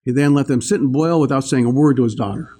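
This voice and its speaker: A man's voice: medium pitch, quick pace, mellow. An older man giving a morning spiritual talk, rambling and telling a story with small laughs. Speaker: spiritual teacher.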